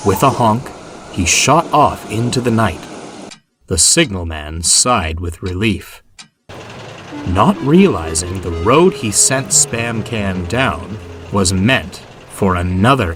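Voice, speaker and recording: A man giving a storybook narration in an expressive, deliberate way. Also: on the low side, music in the background.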